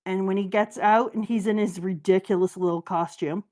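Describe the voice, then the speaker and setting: A woman's voice: mid-range voice, steady tone, moderate pace, few pauses, darkish tone. A woman hosting a casual chat, gushing and joking her way through an anime recap. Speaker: host.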